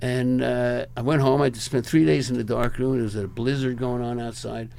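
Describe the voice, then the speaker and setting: Older man with a gravelly voice telling stories. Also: mid-range voice, steady tone, normal speed, mellow. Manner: rambling, chuckling, acts out other people's lines. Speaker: rock photographer, interview guest. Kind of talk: anecdotal storytelling in a conversation.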